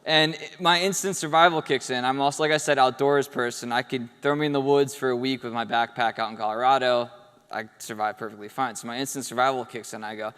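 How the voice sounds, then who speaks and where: A man's voice: mid-range voice, fast talker, a bit bright, clean tone. A man giving an award speech, telling a story in a casual, humorous way and acting out the quotes. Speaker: award speaker. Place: event hall stage. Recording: echoey hall.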